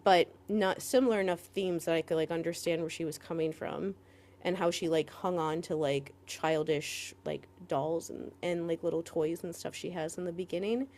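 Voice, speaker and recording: A woman co-hosting a podcast in casual chat, rambling with lots of "like" fillers and quick laughs. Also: on the low side, fairly even intonation, darkish tone. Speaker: podcast co-host.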